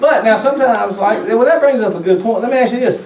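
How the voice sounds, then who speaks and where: Patient and coaxing, this Georgia man teaches a children's church lesson and keeps asking the kids questions. His voice is high-pitched and quick, with crowd noise behind him. He's captured at a distance in an echoey room full of chattering kids.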